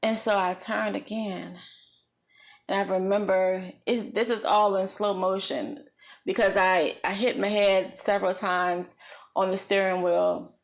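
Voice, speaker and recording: A woman vlogger recounting a personal experience in an earnest, reflective way, slow and halting with many pauses. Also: mid-range voice, steady tone. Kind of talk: personal storytelling.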